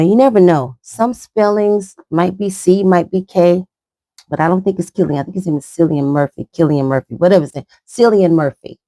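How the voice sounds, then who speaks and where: Talking as she applies her makeup, a middle-aged vlogger rambles chattily through a casual tutorial. Her lowish voice sounds mellow on a dry recording.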